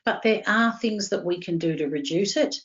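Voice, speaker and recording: Calm Australian woman psychologist, muffled audio. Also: mid-range voice, normal speed. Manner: steady, reassuring, guiding step by step. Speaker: counselling psychologist. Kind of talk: calm explanatory interview talk.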